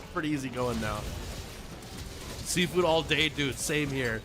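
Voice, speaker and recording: This man speaks slowly in a fairly high, expressive voice, with a noisy background and game music behind him. Streaming a game, he chats casually and playfully with viewers, laughing often and reading their messages out loud.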